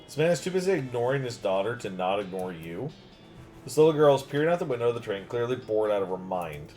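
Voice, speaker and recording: A man's voice: mid-range voice, fast talker, soft background music. Playful man streaming a game. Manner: playful, animated. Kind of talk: casual game reading and commentary.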